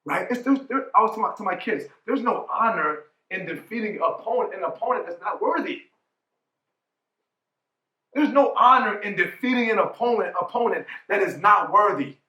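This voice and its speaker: A man's voice: high voice, animated, normal speed, pushed and bright, roomy sound. A man in his forties giving a motivational keynote talk as a coach, emphatic, often asking "right?". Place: conference hall.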